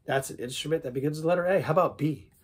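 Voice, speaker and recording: A man teaching a playful vocal warm-up lesson as a music teacher, upbeat and jokey, breaking into little sung snippets. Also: fairly high pitch, rapid-fire, breathy edge.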